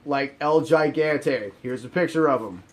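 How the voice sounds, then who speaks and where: A man's voice: medium pitch, unhurried. A man ranting through a sarcastic, profane video game review.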